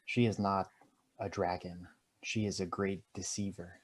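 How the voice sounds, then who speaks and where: A man playing his character in a tabletop game, speaking calmly and earnestly. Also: low-pitched, breathy edge. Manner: calm, earnest, measured. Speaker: player. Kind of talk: in-character tabletop role-play.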